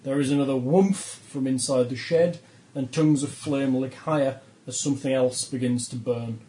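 A man's voice: mid-range voice, fairly even intonation, moderate pace, dark tone, rough recording. A man running a tabletop role-playing session as game master, narrating the scene with frequent ums and uhs.

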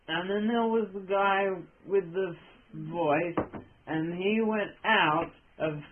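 A man's voice: high-pitched, a little hiss or hum. A man voicing a battered, drunk mouse informant who rambles and loses his thread, over a tinny call line. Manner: rambling, trailing off, loses track mid-sentence.

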